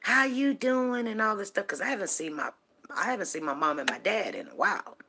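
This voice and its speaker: A woman with a low voice tells a story from her own life in a loose, chatty way. She is middle-aged and animated, doubles up her words, and keeps checking in with her listeners. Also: quick pace, gravelly, noisy background. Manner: animated, repeats words, asks listeners "you know what I'm saying". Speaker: show host telling a personal story. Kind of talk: casual storytelling to viewers.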